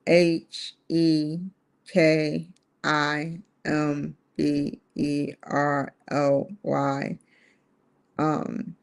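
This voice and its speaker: Woman on a support call, slow and monotone, gravelly, hesitant. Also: low-pitched. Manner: hesitant, spells words out slowly with example words. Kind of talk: casual phone call.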